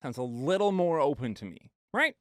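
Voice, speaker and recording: A male mixing engineer giving an animated studio tutorial, with playful asides to viewers. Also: fairly high pitch, moderate pace, no room sound.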